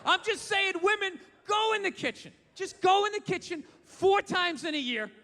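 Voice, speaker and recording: A man's voice: very high voice, expressive, normal speed, bright, forceful tone, long reverb tail. A man performing a stand-up comedy set on a live stage mic, blunt, profane and ranting with sarcasm.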